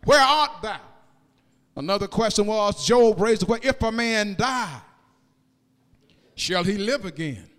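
A man preaching a sermon in a church, moving into sung, rising cadences and shouted peaks, and drawing out key words slowly. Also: high-pitched, animated. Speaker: pastor. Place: church sanctuary. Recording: long reverb of a large hall.

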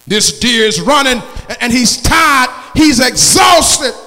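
A man preaching a sermon, calling out to the congregation and swinging from shouts down to hushed tones. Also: very high-pitched, measured pace, faint music behind. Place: church sanctuary. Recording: church hall reverb.

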